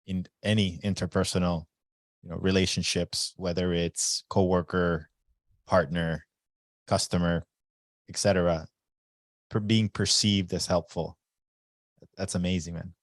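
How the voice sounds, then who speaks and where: A man's voice: low-pitched, flat delivery, unhurried, pauses often, no echo. A man hosting a podcast, responding in casual conversation and praising his guest's story. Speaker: podcast host. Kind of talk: casual interview chat.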